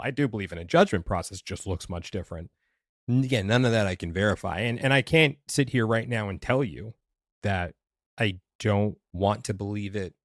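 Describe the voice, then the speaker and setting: Low-voiced candid male podcast host. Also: dry recording, studio quality. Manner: candid, thinks aloud with restarts and playful asides. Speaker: podcast host, past life regressionist. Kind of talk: casual conversation.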